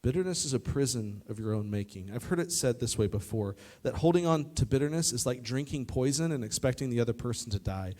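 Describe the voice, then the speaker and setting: A man preaching a youth sermon to a live audience, lively and joking, talking straight to the crowd. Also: medium pitch, fairly quick, few pauses. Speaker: youth pastor. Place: church youth service in front of an audience.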